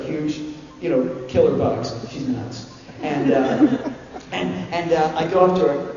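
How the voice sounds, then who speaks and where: A man who is a guest at a convention panel tells a comic anecdote on stage, animated and laughing, acting out what others said. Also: sits high. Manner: animated, laughing, acts out quotes. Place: large convention hall before an audience. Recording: echoey hall, distant mic, dull sound, audience noise.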